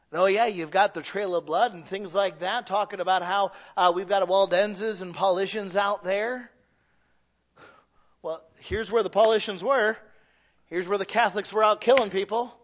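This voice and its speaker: Male preacher, high bright voice, animated folksy sermon delivery, dull lo-fi recording. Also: moderate pace. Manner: animated, rises to shouting, folksy asides. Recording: dull lo-fi sound.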